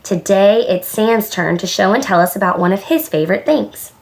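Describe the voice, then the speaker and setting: A woman's voice: medium pitch, normal speed, creaky, darkish tone, natural voice. A woman voicing a patient preschool teacher who explains feelings to her class in a storybook.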